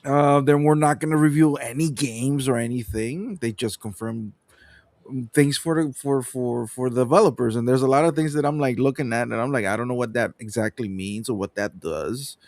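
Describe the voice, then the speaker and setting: A man co-hosts a gaming podcast livestream and gives his opinions in a rambling, halting way. His voice sits at an ordinary pitch, recorded dry and close with no room sound. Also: a little mellow, no room sound. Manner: rambling, many fillers and restarts. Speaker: podcast co-host. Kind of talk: casual livestream chat.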